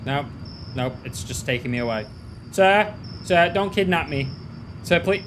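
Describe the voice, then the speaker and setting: A man's voice: a little high, animated, measured pace, noisy background. A man hosting a gaming channel, playing a game with joking, self-mocking commentary.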